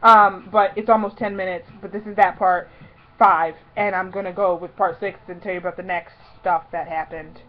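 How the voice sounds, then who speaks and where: A woman in her twenties telling a story in a casual vlog, chatty, filling her talk with "like" and loudly acting out what she once said. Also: on the low side, fairly even intonation, moderate pace, highs cut off. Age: 20s. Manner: chatty, fills talk with "like", acts out her own past lines loudly. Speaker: vlogger.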